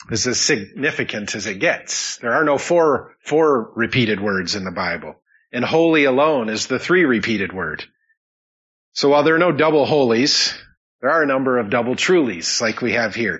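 Bright, husky-voiced pastor preaching. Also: male voice, mid-range voice, dull audio. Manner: earnest, with dry teasing asides. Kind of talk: sermon with opening prayer.

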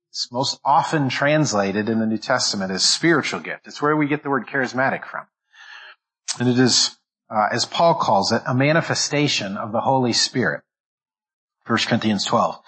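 A man's voice: medium pitch, fairly bright tone, low-quality recording. A man preaching a sermon as pastor, stressing each word and often repeating and restarting phrases as he goes. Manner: restarts and repeats words while thinking aloud.

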